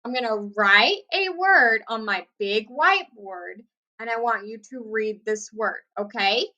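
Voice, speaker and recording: A young woman teaching first graders a recorded phonics lesson, speaking clearly and encouragingly with steady praise. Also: on the high side, unhurried, highs cut off.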